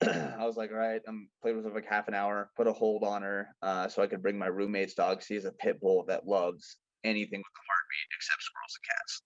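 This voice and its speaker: Profane, animated man telling stories. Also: lowish voice, a little fast, few pauses, dry recording, highs cut off. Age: young adult. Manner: animated, profane, acts out quoted dialogue. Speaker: podcast guest. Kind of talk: casual storytelling chat.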